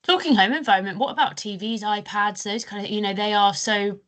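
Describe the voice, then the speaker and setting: A woman's voice: mid-range voice, fairly even intonation, a little fast, a bit bright. A British woman co-hosting a podcast, chatty and full of anecdotes, acting out quotes. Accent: British English. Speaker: podcast co-host, early years trainer. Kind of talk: casual podcast discussion.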